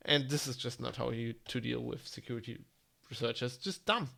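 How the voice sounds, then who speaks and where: A man's voice: medium pitch, fairly quick, sharp tone. A man with a German accent, congested from hay fever, giving a rambling, blunt tech news commentary on a live stream. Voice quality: gravelly. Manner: rambling, blunt, with frequent ums and restarts.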